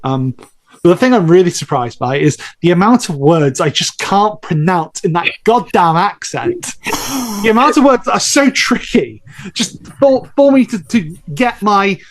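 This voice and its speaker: A man's voice: high-pitched, animated, normal speed. A man who voices a lead role, chatting casually on a podcast in a rambling, candid way, swearing now and then. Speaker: voice actor in the audio drama.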